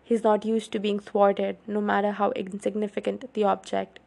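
A woman reading a story aloud, voicing a brooding young male vampire who is protective and grim, speaking low and even. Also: moderate pace, vocal fry.

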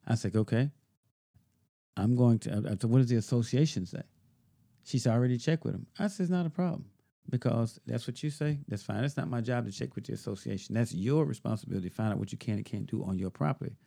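A man co-hosting a podcast talks casually at a quick pace in a creaky, warm, mid-range voice. He tells a story and acts out the quoted dialogue.

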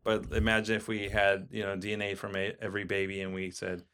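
Low-voiced male podcast co-host. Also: completely flat delivery, fast talker, fairly bright tone, smooth. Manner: rambling, many fillers and restarts. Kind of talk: casual chat.

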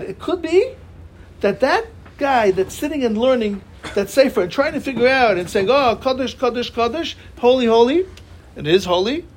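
A man's voice: very high-pitched, a little hiss or hum. A man giving a Torah class, talking animatedly and asking his listeners rhetorical questions. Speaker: Torah teacher.

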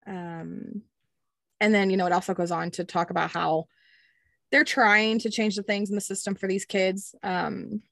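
A woman's voice: mid-range voice, normal speed, vocal fry, no room sound. A young woman co-hosting a podcast in casual chat, talking with lots of "um"s and telling stories with animation. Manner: chatty, many "um"s, animated storytelling. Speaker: podcast co-host.

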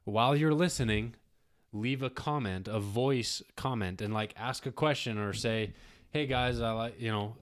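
A man co-hosting a podcast, talking in a relaxed, agreeable, casual way. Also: on the low side, normal speed, no echo, studio quality. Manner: relaxed, agreeable, lots of "yep" and "like". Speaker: podcast co-host. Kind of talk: casual chat.

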